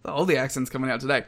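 A man, co-hosting a podcast in casual chat, lively and quick to laugh as he rambles through stories. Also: medium pitch. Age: 20s. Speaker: podcast co-host.

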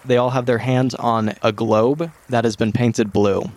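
A man running a tabletop game as game master, narrating scenes in a steady, descriptive way. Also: mid-range voice, measured pace.

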